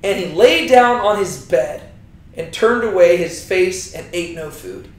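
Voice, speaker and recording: A man's voice: high voice, animated, a little slow. A young man teaching a casual Bible lesson in a chatty way, tagging lines with "right?". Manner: chatty, keeps asking right?. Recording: very echoey room.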